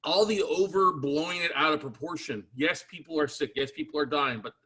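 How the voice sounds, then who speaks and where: A man with a bright, forceful voice, pitched a little above the usual, hosts a casual talk show. He talks bluntly and swears now and then. He vents about his errands and acts out the other people in them. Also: a little fast, breathy edge. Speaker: show host. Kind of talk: casual chat.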